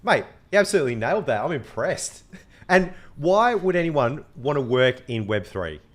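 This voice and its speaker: Man, podcast host, lively up-and-down pitch, casual storytelling, swears freely. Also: moderate pace. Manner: animated, swears, mimics voices while telling a story.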